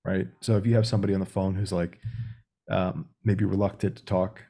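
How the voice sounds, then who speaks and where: A man's voice: low voice, little pitch movement, a little fast, gravelly, dark tone. A young man speaking as a podcast guest about sales, talking directly and acting out phone calls. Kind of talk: casual interview talk.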